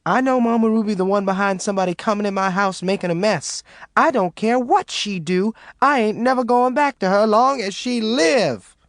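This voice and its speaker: Fed-up young mom, voiced by a man, high and snapping, lively swings. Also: normal speed, dry recording, clean studio sound. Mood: exasperated. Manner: exasperated, snapping. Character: fed-up young Southern mother, sharp-tongued.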